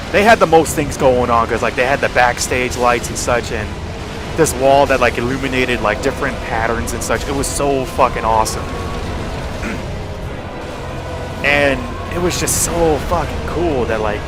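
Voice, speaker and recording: A young man tells a loose, rambling story while he plays a game, filling every pause with casual fillers and swearing freely. His voice sits in an ordinary middle pitch. Soft game music plays faintly underneath. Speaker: gaming channel host. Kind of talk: casual storytelling over gameplay.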